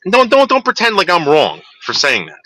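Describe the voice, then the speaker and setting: A man's voice: high-pitched, wildly swooping pitch, moderate pace, sharp tone, no echo. A man ranting heatedly to his viewers in a monologue, with profanity and frequent restarts. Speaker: vlogger.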